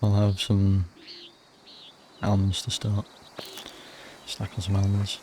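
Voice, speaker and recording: Over a noisy background, a man streams a game, chatting casually and muttering to himself as he plays. His fairly low voice is slow and completely flat.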